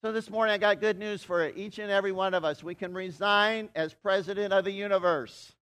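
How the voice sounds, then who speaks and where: A man delivers a sermon in a casual, talking-to-friends way, his voice sitting a little higher than most men's. He leads the congregation in call-and-response. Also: fairly even intonation, a little fast, a bit bright, clear, resonant tone. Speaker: pastor.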